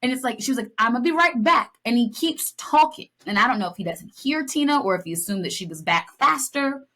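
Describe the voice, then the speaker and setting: A young woman co-hosting a podcast in casual chat, telling stories with lively acted-out lines and playful asides. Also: on the high side, fast. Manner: animated storytelling, acts out lines, playful. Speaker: podcast co-host.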